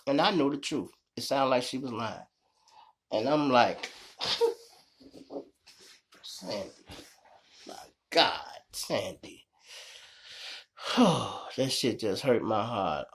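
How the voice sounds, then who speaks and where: A man's voice: mid-range voice, measured pace, a little hiss or hum. A man with a Chicago accent, telling a story in a casual, profane way and keeping up a running chat with his audience. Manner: animated, profane, keeps addressing the audience. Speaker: storyteller host.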